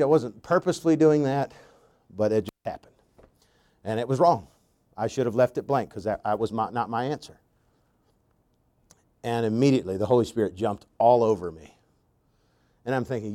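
A pastor preaching a sermon with slow, emphatic stresses and storytelling asides, a man. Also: medium pitch, darkish tone.

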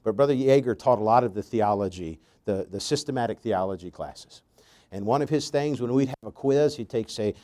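A pastor preaching a sermon with slow, emphatic stresses and storytelling asides, a man. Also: on the low side, warm tone.

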